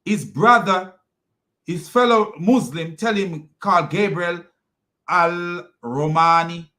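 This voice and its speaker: A man's voice: sits high, takes it slowly, bright, forceful tone. A man with a foreign accent giving scornful reaction commentary on videos, laughing often as he mocks. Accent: non-native English.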